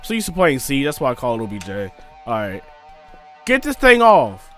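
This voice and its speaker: A young man with an excitable, slangy manner, commentating a let's play of a game and yelping when he gets scared. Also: mid-range voice, normal speed, soft background music. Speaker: gaming streamer.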